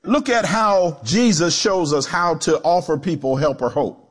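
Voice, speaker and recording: A male pastor preaching a sermon, animated, acting out quotes in low voices and joking with the congregation. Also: measured pace, breathy edge. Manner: animated preaching with swooping pitch and dramatic drops.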